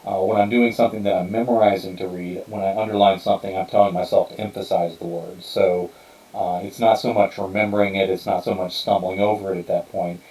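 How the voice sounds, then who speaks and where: A man's voice: sits low, little pitch movement, fairly quick, a little mellow, roomy sound, recorded from a distance, poor audio. A man hosting a podcast in casual talk, rambling with many fillers and restarts as he explains his writing. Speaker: podcast host and author. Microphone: streamed podcast mic.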